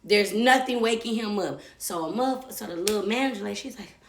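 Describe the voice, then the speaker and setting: A young woman telling a personal story live, animated and profane. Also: medium pitch, a little fast, reverberant, slight background noise. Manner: animated, profane, acts out quotes. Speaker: storyteller host.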